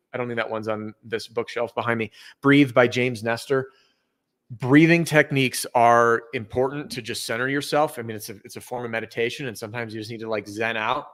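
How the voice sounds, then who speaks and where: A man's voice: mid-range voice, fairly bright tone. Earnest storytelling man, podcast guest. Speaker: podcast guest, roofing sales trainer. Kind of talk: casual interview chat.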